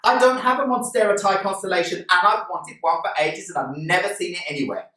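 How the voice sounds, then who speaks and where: Excited man gushing in a roomy space. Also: high-pitched, a little fast. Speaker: plant vlogger. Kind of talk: casual haul video. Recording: roomy sound from a distant mic.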